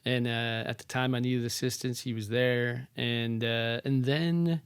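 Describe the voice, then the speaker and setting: A man guesting on a podcast talks about his real estate career in a casual, animated way. He acts out quoted lines from people in his stories. His voice is smooth and resonant, and it is recorded dry and close with no room sound. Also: medium pitch, unhurried, no echo. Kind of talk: casual interview chat. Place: podcast studio.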